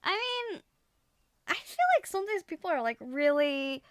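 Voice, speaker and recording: A woman's voice: high-pitched, expressive, moderate pace, no echo, studio quality. A young woman from the Netherlands, a native Dutch speaker, chatting casually on a live stream in a rambling, giggly way full of filler words.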